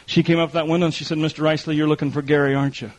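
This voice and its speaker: A man's voice: on the high side, flat delivery, racing. A middle-aged man preaching a folksy testimony sermon, telling stories and acting out the other people in them. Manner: folksy storytelling with quoted voices and repetition. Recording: muffled lo-fi recording.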